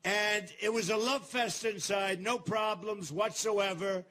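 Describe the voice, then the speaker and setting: High-pitched older man rallying a crowd. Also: steady tone, measured pace. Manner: boastful, repetitive, talks to the crowd in asides; shouts slogans to the crowd. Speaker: political candidate. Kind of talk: campaign rally speech. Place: large rally venue.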